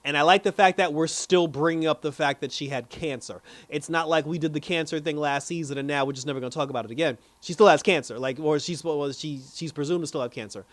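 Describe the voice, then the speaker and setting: A man giving a chatty, animated recap and review of a TV episode, often restarting his sentences. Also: a little high, quick pace, few pauses, no room sound.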